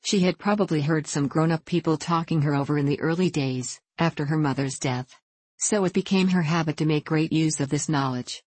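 A reader narrating a classic children's novel in a steady, measured way. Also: mid-range voice, dry recording. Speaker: audiobook reader. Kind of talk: scripted storybook narration.

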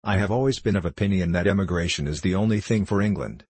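A man voicing a calm, dryly witty middle-aged diplomat in an audiobook. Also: deep voice, fast, husky, dry recording. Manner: calm, matter-of-fact.

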